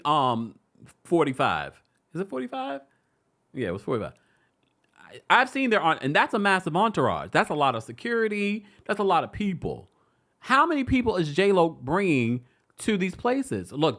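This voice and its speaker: A woman hosting a live-stream celebrity gossip recap, hoarse, chatty and laughing often, stopping and restarting her sentences. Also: deep voice. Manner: animated, laughing, self-interrupting.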